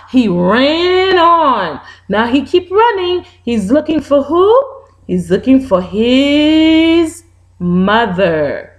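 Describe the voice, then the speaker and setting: A woman teacher reading a children's storybook aloud and asking the young listeners questions, whose first language is Haitian Creole. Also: high-pitched. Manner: animated, asks the children questions.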